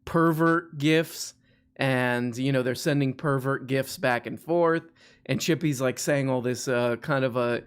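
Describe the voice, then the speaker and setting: A man's voice: mid-range voice, a little slow, clear, resonant tone. A man hosting a casual live show, rambling with lots of fillers and restarts and teasing his guest. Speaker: host.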